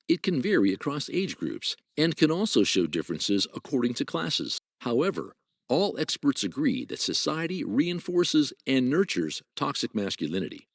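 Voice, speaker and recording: Man, scripted explainer narration, formal, measured, gravelly, lively pitch, dry. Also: no echo. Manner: formal, measured, textbook phrasing. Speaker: narrator of a clipped explainer video.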